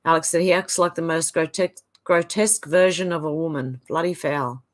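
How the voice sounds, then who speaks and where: A woman's voice: low-pitched, fairly even intonation, brisk. An Australian woman hosting a livestream, reading viewers' comments aloud one after another and adding short offhand remarks. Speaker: livestream host. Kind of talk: casual livestream chat reading.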